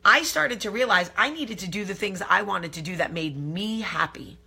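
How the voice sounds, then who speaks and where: A woman hosting her own vlog, telling a candid story to camera in a brash, profane, animated way. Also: mid-range voice, normal speed, vocal fry, slightly rough. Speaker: vlog host.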